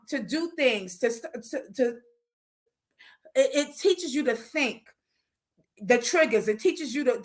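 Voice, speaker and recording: Bright high-voiced woman giving advice. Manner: chatty, warm asides to her pet mid-talk. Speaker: host. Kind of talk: casual relationship advice talk.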